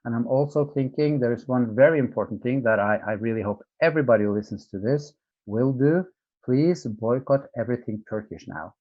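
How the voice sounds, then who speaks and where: A man's voice: mid-range voice, brisk, no echo. A man from Norway, an interview guest telling stories in an earnest, emphatic way, full of fillers and restarts. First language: Norwegian. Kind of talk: conversational storytelling. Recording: dry, dull lo-fi sound.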